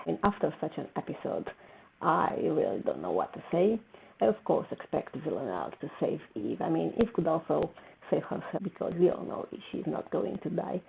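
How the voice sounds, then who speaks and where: A woman's voice: sits low, very animated, moderate pace, creaky. A woman hosting a casual TV reaction video, talking emotionally and repeating herself when upset. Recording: tinny phone-like sound with faint noise.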